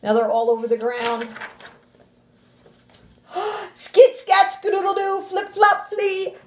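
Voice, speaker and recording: Reading slowly in a very high-pitched voice, a teacher brings a picture book to life for young children with gasps, playful sound effects, and lively expression, then moves on to instructions for the class. The room gives a roomy echo.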